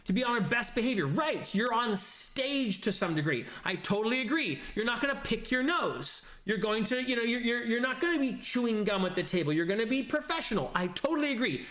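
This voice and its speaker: High, bright-voiced man chatting. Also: animated, a little fast, few pauses, echoey room. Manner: rambling, thinking aloud with many fillers. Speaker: streamer reading viewer comments. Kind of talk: casual livestream chat.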